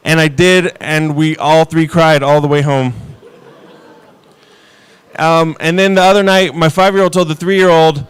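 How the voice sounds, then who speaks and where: A man in his thirties doing a stand-up comedy set, telling stories about his kids with deadpan, self-mocking delivery. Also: a little high, moderate pace, clean tone. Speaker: stand-up comic.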